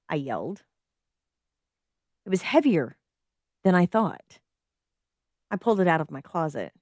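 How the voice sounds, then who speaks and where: A woman's voice: low-pitched, big pitch swings, measured pace, pauses often, a little mellow, dry recording, clean studio sound. A woman hosting a live-stream podcast, reading a story submission aloud with dramatic flair and stopping to react.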